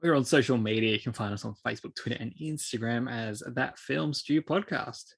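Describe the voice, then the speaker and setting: Husky-voiced guy on a movie podcast, reacts fast, gets excited. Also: medium pitch. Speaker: podcast co-host. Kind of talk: casual film review chat.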